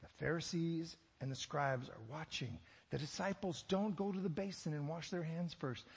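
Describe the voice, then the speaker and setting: Male pastor, sermon, fairly high and husky, joking asides, big echoing hall. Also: normal speed. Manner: animated, rhetorical questions, joking asides.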